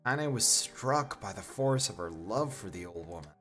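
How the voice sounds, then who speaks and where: A man reading a novel aloud on a stream, expressive and slow. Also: on the low side, soft background music. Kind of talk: dramatic reading with live reactions.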